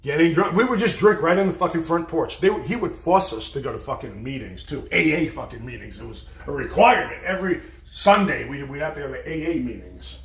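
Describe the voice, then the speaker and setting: A man's voice: a little high, expressive, fairly quick. Blunt, profane man telling stories. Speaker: livestream host. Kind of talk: storytelling on a livestream. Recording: roomy echo.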